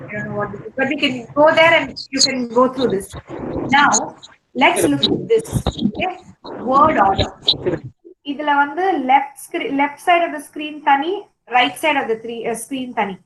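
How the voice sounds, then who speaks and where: A woman's voice: high-pitched, roomy sound, background noise. A woman with a Tamil accent teaching an English class, explaining step by step and checking in often with her students. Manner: explains with frequent checks and fillers. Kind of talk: online class lecture.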